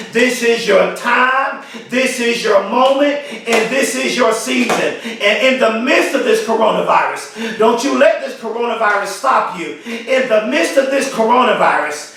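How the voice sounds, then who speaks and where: A high-voiced man delivers a motivational speech, drawing key phrases out slowly and climbing into shouted, repeated lines. The voice sits far from the mic, and a heavy echo rolls around every word. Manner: emphatic, repetitive, builds to shouts; drawn-out slow emphasis on key phrases. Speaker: motivational speaker. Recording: very echoey, voice from far off.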